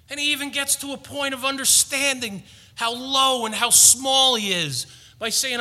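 A man preaching a sermon as pastor, emphatic and animated, with playful asides to the congregation. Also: very high voice, a little slow, long reverb tail.

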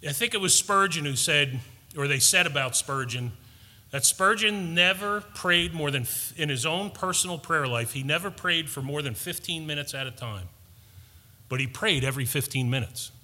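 A man's voice: fairly high pitch, animated, normal speed, pushed and bright, long reverb tail. A man preaching a sermon, earnest and storytelling, building to emphatic points. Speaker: pastor.

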